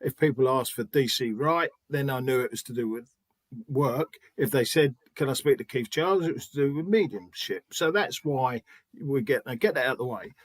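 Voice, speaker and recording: A man's voice: mid-range voice, animated, normal speed, no echo. A middle-aged man and spiritualist medium telling stories in an interview, chatty, restarting often and acting out quoted dialogue. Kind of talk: anecdotal interview storytelling.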